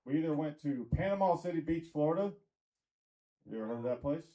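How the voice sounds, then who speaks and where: A man's voice: a little high, expressive, fast talker, dark tone, low-quality recording. Rambling stand-up comedian man from Tennessee. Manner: rambling, self-interrupting, crowd work. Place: comedy club.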